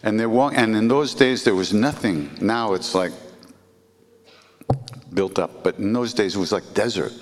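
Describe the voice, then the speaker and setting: Brief: low-voiced man narrating anecdotes casually, with a long reverb around him. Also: moderate pace, pauses often. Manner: rambling, warm storytelling with restarts and "you know". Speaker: podcast host, storyteller. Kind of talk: casual spoken storytelling.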